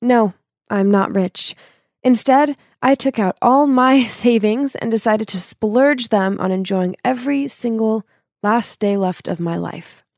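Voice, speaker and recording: Woman storyteller, slightly high voice, casual wry scripted narration, dry sound. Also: measured pace, a little mellow, dry recording. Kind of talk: scripted first-person narration.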